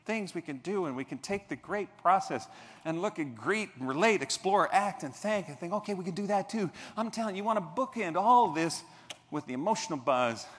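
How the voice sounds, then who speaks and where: Male keynote speaker, fairly high, lively storyteller who acts out scenes, stage mic in a big reverberant convention hall. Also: fairly quick. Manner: animated storyteller, acting out scenes and shouting for effect. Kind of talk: motivational keynote speech.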